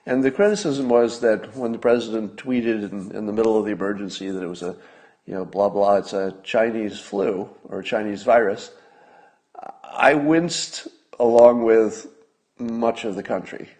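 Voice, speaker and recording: A man in his sixties hosting a casual livestream, talking wryly and conversationally, with sudden emphatic rises and low mutters. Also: steady tone, brisk. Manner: conversational, wry, drifts between loud emphasis and mutters. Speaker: podcast host.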